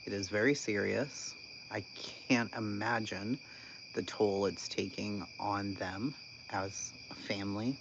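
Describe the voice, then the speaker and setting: Man, casual commentary, incredulous, laughing a lot, slow drawl, dull lo-fi sound, crickets and insects chirping behind. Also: fairly low pitch, creaky. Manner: animated, incredulous, laughing often. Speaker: channel host. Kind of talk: casual commentary on online drama. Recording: dull lo-fi sound with constant background noise.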